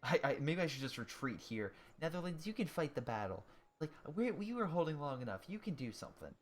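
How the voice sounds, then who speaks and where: A man's voice: fairly high pitch, fairly quick. A man doing casual commentary over his strategy game, thinking aloud with fillers and restarts and reacting with groans and cheers. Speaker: gaming video host. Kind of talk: casual let's-play commentary. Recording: steady audible background noise.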